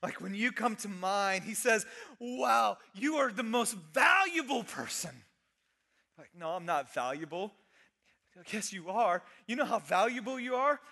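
A middle-aged man preaching an animated, conversational sermon, dropping at times to a soft near-whisper. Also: very high voice, unhurried, vocal fry. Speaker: pastor. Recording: long reverb of a large hall.

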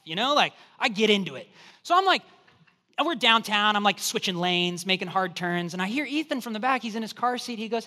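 Animated bright-voiced male pastor preaching. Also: high-pitched, brisk. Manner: animated storytelling with acted asides and rising emphasis. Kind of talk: sermon.

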